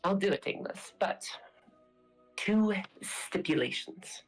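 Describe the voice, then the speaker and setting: A tabletop player voicing a brooding, vengeful vampire woman who speaks quietly and intensely, sometimes dropping to a whisper. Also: mid-range voice, animated, slow pace, faint music behind, voice pushed up, poor audio. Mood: firm. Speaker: player character.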